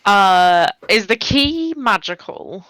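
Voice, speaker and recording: A woman's voice: mid-range voice, sing-song, slow pace, a bit bright, no room sound, rough recording. A woman playing in a tabletop game, chatty and thinking aloud. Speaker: player. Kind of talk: casual tabletop play.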